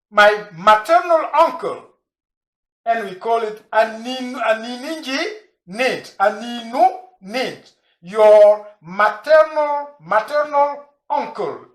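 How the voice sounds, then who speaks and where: A man teaching a language lesson, going slowly through words and repeating them, with pauses and restarts. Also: very high-pitched, lively intonation. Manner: slow, repeats and spells out words; frequent restarts and fillers. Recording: echoey room.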